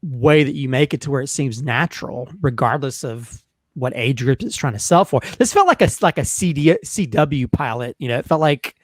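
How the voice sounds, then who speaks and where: A man's voice: mid-range voice, lively intonation, normal speed, no room sound, clean studio sound. A man co-hosting a movie review podcast in casual chat, rambling through his points with lots of "like" and "you know". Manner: rambling, many fillers and restarts. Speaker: podcast co-host.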